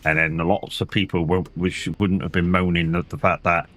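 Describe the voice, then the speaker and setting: A tired Englishman streams a game, his low-pitched voice delivered flatly at normal speed with a fairly bright tone. He rambles casually while playing, swearing now and then.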